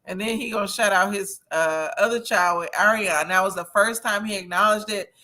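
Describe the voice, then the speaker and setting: A woman's voice: medium pitch, brisk, sharp tone. A woman hosting a casual livestream, chatting and gossiping as she reads viewer comments, a little tipsy and laughing often. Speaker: host of a reality-TV review livestream.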